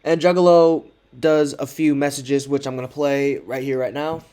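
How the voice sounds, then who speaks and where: A man's voice: medium pitch, flat delivery, normal speed, a little mellow. A man giving casual commentary, reading out text messages in a sarcastic, mocking way. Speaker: commentary creator.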